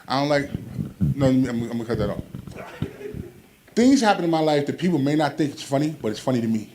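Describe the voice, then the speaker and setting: A man's voice: mid-range voice, expressive, fairly quick, background noise. A man doing a stand-up comedy set, telling stories animatedly and acting out quoted voices.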